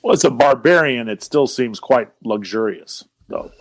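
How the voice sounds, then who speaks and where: A man playing a tabletop game, relaxed and wry as he describes his barbarian's actions. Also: mid-range voice, normal speed, poor audio. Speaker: player.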